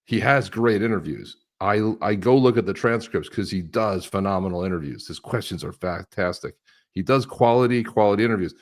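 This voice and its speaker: Deep-voiced rambling male co-host. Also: fairly quick. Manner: rambling, chatty, with many restarts. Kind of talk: casual live-stream chat.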